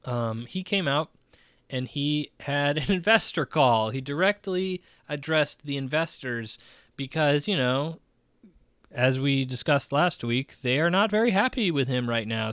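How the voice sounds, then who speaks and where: A man hosts a casual gaming podcast, talking in loose, rambling runs full of "um" and "like". His voice is smooth and clear at a middle pitch. The recording is close-miked and dry. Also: fairly bright tone, dry recording. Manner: rambling, filler-heavy, many "um" and "like". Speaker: podcast host. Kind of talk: casual gaming-news commentary.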